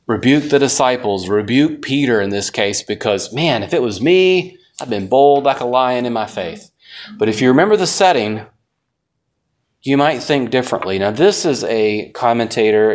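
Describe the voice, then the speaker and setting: A man teaching a conversational Bible lesson, folksy and asking his class rhetorical questions. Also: on the low side.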